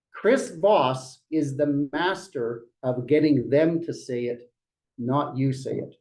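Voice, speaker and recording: A middle-aged man leading a real estate team meeting, talking in a lively, joking way and acting out what clients say. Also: on the high side, low-quality recording. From Dutch family. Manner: lively, jokey, acts out clients' voices. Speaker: brokerage leader running a team meeting. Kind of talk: motivational meeting talk.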